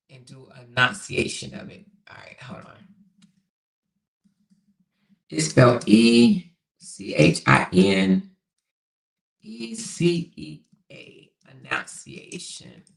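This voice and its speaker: A woman's voice: very deep voice, very animated, slow, creaky, long pauses. A woman hosting a casual livestream, reading viewer comments aloud in a chatty way, repeating herself and laughing often. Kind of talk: casual live chat.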